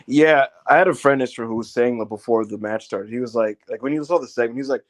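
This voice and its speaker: A man's voice: mid-range voice, quick pace, hardly any pauses. A man co-hosting a wrestling review podcast, telling it animatedly, acting out quotes and swearing freely. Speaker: podcast co-host. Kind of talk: casual wrestling review chat.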